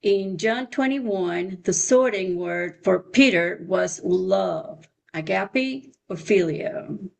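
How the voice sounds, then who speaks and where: Woman class member reads aloud slowly, gravelly voice, halting. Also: medium pitch, low-quality recording. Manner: slow, halting reading, stumbles over words. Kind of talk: reading a text aloud.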